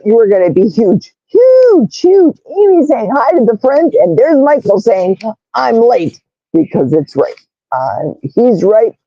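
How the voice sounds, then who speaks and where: A woman's voice: medium pitch, no echo, lo-fi sound. A woman in her sixties hosting a casual livestream, rambling from one story to the next and reading viewers' chat comments aloud. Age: 60s. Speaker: livestream host.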